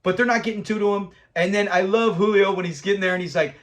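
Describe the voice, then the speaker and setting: A man hosting a casual episode review, animated and acting out lines from scenes. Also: sits high, fast talker, few pauses. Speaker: show host reviewing episodes.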